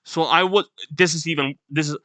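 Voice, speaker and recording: A young man hosting a manga reaction, reading aloud and reacting excitedly, swearing and breaking into high yells. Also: brisk, dry recording.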